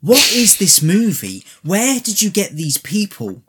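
A man's voice: sits high, wildly swooping pitch, unhurried, a bit bright, slightly rough. Incredulous man recapping a film. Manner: laughing, incredulous storytelling. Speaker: film review podcast co-host. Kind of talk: casual comedic chat.

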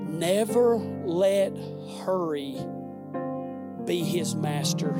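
A male pastor preaching a sermon in a conversational, exhorting way, swinging from hushed words to shouted emphasis. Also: on the high side. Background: instrumental music underneath.

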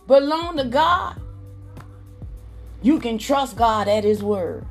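A woman's voice: on the high side, animated, takes it slowly, faint music behind. A woman preaching a fervent sermon, calling out to her listeners and exclaiming praise as she goes.

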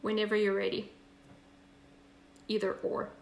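A woman's voice: mid-range voice, monotone, a little slow, gravelly, darkish tone, echoey room, slight background noise. A woman leading a Bible study over a video call, chatty and earnest, with many fillers and restarts. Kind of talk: casual online Bible study teaching.

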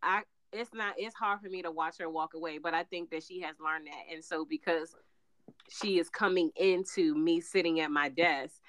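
A woman hosting a casual podcast chat as a mother, talking calmly and steadily and telling stories with frequent "mm-hmm"s. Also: deep voice, no room sound. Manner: calm, steady, storytelling, with quick affirmations.

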